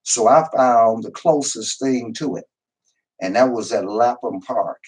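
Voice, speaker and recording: Unhurried older man telling stories. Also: medium pitch, darkish tone, slightly rough, poor audio. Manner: storytelling, unhurried, repeats words. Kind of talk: casual discussion.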